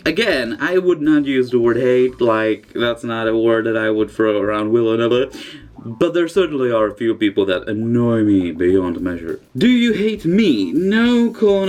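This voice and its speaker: A man vlogging from a bathroom, firing off crude jokes as he works through a list of fan questions. His voice swings up and down in a lively sing-song, and soft music plays underneath. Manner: profane, joking, reads questions aloud then answers with wild pitch jumps. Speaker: vlogger answering forum questions. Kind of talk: casual Q&A vlog. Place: indoors in a bathroom.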